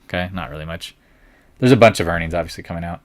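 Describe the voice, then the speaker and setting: A man's voice: low-pitched, fast, dry recording. A man hosting a live market stream, thinking aloud in a wry, blunt way as he reads through earnings.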